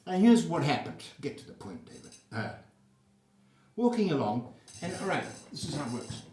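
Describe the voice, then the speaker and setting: Animated older man telling a story. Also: a little high, normal speed, a little hiss or hum. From South Africa. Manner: rambling, profane, animated storytelling. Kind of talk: casual spoken anecdote. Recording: roomy echo, mic at a distance.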